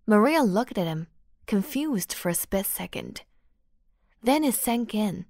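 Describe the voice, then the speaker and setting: A woman narrating an audiobook romance in a measured storytelling manner. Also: medium pitch, expressive, a little mellow, dry recording, clean studio sound. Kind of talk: scripted narration.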